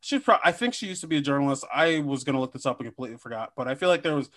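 A man's voice: medium pitch, animated, rapid-fire, fairly bright tone. A man co-hosting a podcast in casual chat, joking and slipping into silly impressions. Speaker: podcast co-host.

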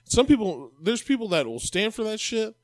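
A man's voice: high voice, sing-song, moderate pace, dry recording. A man co-hosting a casual chat, talking in a loose, profane, joking way. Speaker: podcast co-host.

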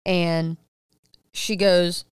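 Smooth clear podcast lady, middle-aged, telling a story and doing everyone's lines, dry mic. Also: very slow, no room sound. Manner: animated retelling, quoting others with rising pitch. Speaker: podcast co-host. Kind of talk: casual storytelling chat.

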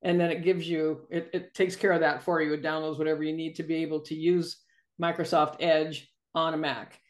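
A woman's voice: low voice, level tone, a little fast. A woman guest, a copywriting coach, talking casually on a video call and laughing between phrases.

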